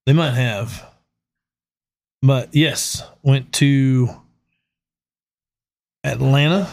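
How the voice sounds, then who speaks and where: A man's voice: medium pitch, very slow, vocal fry, darkish tone. A man, a podcast guest in laid-back casual chat.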